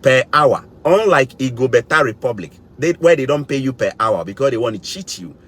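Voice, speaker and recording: A man's voice: mid-range voice, expressive, fairly quick, a bit bright. A man lecturing his viewers in a vlog, emphatic and repetitive, speaking to them directly. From West Africa. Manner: emphatic, repeats points, addresses viewers directly. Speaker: vlogger. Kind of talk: lecturing to camera. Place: living in Canada.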